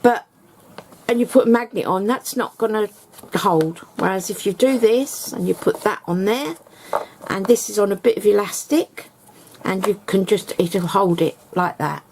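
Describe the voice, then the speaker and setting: A woman talks through a homemade craft project at her table, rambling and explaining each step as she goes. Her voice has a gravelly edge of fry, and there is a faint hiss of noise under the recording. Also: mid-range voice, moderate pace, a little mellow. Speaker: craft tutor. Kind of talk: casual craft tutorial.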